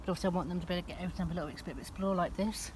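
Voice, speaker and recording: A woman with a Northern English accent vlogging casually as she walks a wet park track, chatty and given to high sing-song baby talk with her cats. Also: racing, a little mellow, a little hiss or hum. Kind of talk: casual walking vlog.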